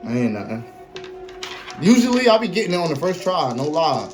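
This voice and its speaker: Late-20s male podcast host, loose slangy chat, hyped energy, light music bed. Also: moderate pace. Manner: slangy, animated, swings between hyped and low drawl. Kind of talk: casual solo podcast chat.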